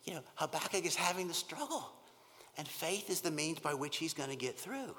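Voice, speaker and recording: A man preaching a sermon, earnest and emphatic, often repeating words and dropping from loud stress to a near-whisper. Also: fairly high pitch, sing-song, fairly quick. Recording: long hall reverb.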